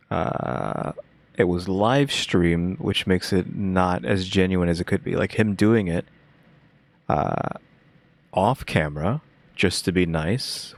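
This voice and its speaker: A man chatting casually as co-host, with dry deadpan humor and rambling asides. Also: low-pitched, creaky, dry recording. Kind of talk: casual reaction chat.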